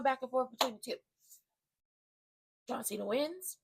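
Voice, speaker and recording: A woman giving an animated, slangy rant that recaps a wrestling show, with emphatic asides to her viewers. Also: high-pitched, unhurried, vocal fry, slightly rough. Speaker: wrestling commentary vlogger. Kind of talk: casual ranting recap.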